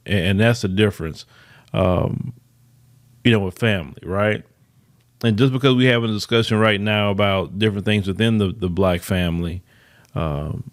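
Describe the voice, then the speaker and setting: A man hosting a podcast, giving emphatic news commentary, reading reports aloud and repeating words for stress. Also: fairly low pitch. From United States. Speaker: podcast host.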